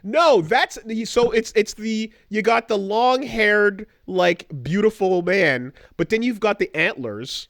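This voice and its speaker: A man's voice: high-pitched, a little slow, creaky, few pauses, fairly bright tone, no room sound, studio quality. A man co-hosting a podcast in casual chat, rambling and hesitant with lots of fillers. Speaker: podcast co-host.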